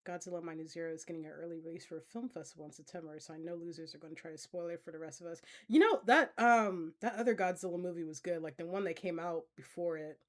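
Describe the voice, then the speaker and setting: A woman's voice: lowish voice, fast talker, hardly any pauses. A woman streamer in a casual Q&A, chatting with her viewers, laughing often and using plenty of fillers. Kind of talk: casual Q&A reading chat comments.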